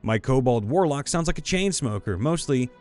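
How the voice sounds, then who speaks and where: A man narrating viewer stories in a scripted voice-over, reading lively and sometimes slipping into put-on voices. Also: mid-range voice, moderate pace. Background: faint background music.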